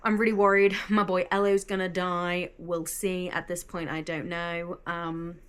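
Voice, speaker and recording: A young British woman vlogging casually, bubbly and quick to laugh. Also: lowish voice, smooth. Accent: British English. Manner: bubbly and animated, laughs easily. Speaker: book vlogger. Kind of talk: casual vlog chat.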